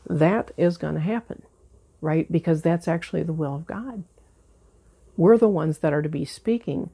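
A woman preaching in a low, gravelly voice with a husky edge. She talks earnestly and conversationally, repeating words for emphasis as a pastor addressing her congregation. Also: moderate pace, dark tone. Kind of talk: conversational sermon.

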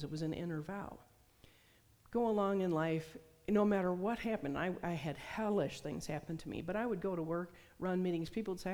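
A woman's voice: fairly low pitch, normal speed, warm tone. Woman preaching in a reverberant hall. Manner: storytelling, acts out quoted voices. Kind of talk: sermon.

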